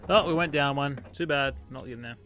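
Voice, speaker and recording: A man's voice: mid-range voice, a little fast, over music. An Australian man livestreaming a shooter game, chatting casually with viewers and calling them mate. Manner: chatty, greets chat viewers by name, says "mate" a lot. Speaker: gaming livestreamer. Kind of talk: casual live commentary while playing. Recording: game gunfire clearly heard behind. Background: game gunfire and explosions.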